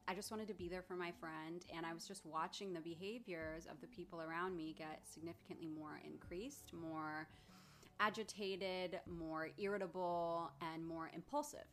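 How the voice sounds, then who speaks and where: Woman therapist talking to her followers, slightly low voice, candid, kinda emotional, lots of pauses. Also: a bit bright. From Southern California. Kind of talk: personal storytelling to followers.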